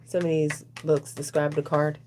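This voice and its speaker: A woman's voice: sits low, flat delivery, moderate pace, noisy background. A woman doing a casual, rambling oracle card reading, chatting with her viewers as she goes. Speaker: tarot reader.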